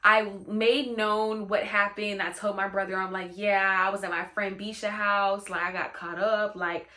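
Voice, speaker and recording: Young woman, storytime host, casual slangy chat, bright voice. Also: mid-range voice, little pitch movement, normal speed. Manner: chatty, slangy, lots of "you know what I'm saying".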